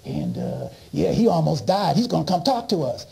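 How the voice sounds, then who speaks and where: A man's voice: fairly high pitch, wildly swooping pitch, moderate pace, gravelly, warm tone, husky, full character voice. A man voicing a chatty, gossipy woman at a support group meeting.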